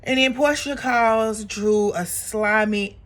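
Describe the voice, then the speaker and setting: A woman recapping a reality TV episode in a casual, gossipy vlog, animated and chatty, with plenty of fillers. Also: on the high side, takes it slowly. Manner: animated, acts out quotes in exaggerated voices; chatty with frequent fillers and laughs.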